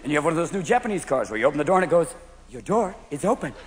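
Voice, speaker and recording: Manic comedian guy, high voice bouncing all over, big echoey hall with a crowd roaring. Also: big pitch swings, racing, very noisy. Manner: manic, jumps between silly character voices. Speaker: stand-up comedian. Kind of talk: stand-up comedy routine. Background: audience laughing loudly.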